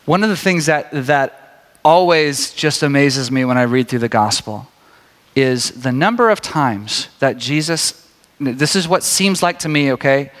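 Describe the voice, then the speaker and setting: Male preacher with a bright, sharp tone, talking casually and joking with the crowd, recorded in a reverberant hall. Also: mid-range voice, unhurried. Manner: conversational, animated, jokey asides. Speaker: pastor. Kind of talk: sermon.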